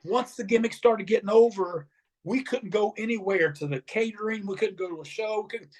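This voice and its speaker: A man's voice: sits high, normal speed. A middle-aged man, a former wrestler, telling stories in an interview and acting out the voices of the people in them. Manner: animated storyteller acting out quotes. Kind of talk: storytelling interview.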